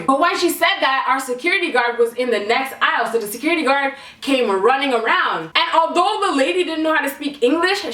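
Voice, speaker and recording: A young woman from Canada telling a storytime vlog in an animated, candid and profane way. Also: sits high, moderate pace, hardly any pauses. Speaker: vlogger. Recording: echoey room, mic at a distance.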